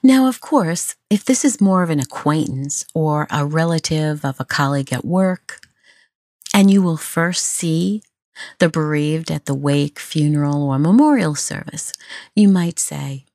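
Podcast host, female, low-ish voice, gentle and compassionate, dry close sound. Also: animated, a little slow, no echo. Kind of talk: scripted advice talk.

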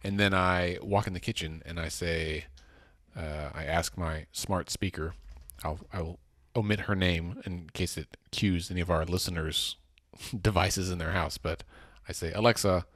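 A man with a very deep voice talks through the week's policy news in a casual, rambling way. He corrects himself mid-sentence and slips in jokes. The sound is close and dry, with no room around it. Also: steady tone, measured pace, a bit bright, no room sound. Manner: rambling, self-correcting, joking. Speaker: podcast co-host.

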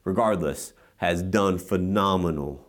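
A man with a very low voice chats casually on a podcast, recounting a conference with easy enthusiasm. He talks loosely and circles back often, leaning on fillers as he goes. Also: a little slow. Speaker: podcast co-host.

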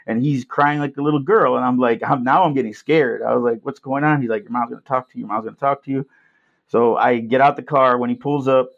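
A man from Milwaukee tells a story as a podcast guest in an easy, slangy way. His voice sits at a middle pitch. The recording sounds dull and a little lo-fi. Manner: laid-back, says "bro" and "like" a lot. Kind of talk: casual storytelling.

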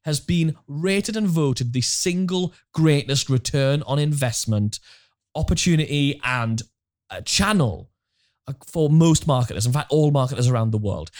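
Male co-host, somewhat higher voice, very animated delivery, jokey and loose. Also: fairly quick. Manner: animated, jokey, repeats words when starting. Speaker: podcast co-host. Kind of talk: casual podcast chat.

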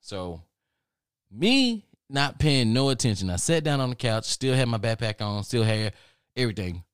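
A man's voice: mid-range voice, sing-song, moderate pace, clean tone, no echo, clean studio sound. A young man casually telling a long personal story, rambling and profane, laughing at himself as he goes. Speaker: podcast host.

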